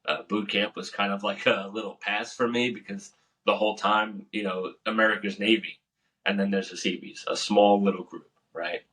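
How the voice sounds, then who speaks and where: A man's voice: fairly low pitch, level tone, normal speed, fairly bright tone. A young man, a Navy veteran, telling boot camp stories in a casual, profane, laughing way. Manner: laid-back, profane, laughs often. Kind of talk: casual storytelling. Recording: voice a bit far from the mic.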